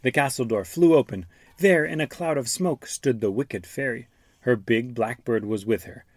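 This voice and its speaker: A man hosting a show where he reads a storybook aloud to his young son and stops to explain words gently. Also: medium pitch, moderate pace, dry recording. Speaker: father reading to his child, podcast host.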